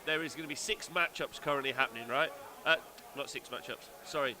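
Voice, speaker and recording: A man's voice: medium pitch, fairly quick, a crowd in the background. A man co-hosting a casual wargaming livestream, joking around and reading chat messages aloud. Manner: jokey, reads out chat messages. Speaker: co-host of a wargaming stream.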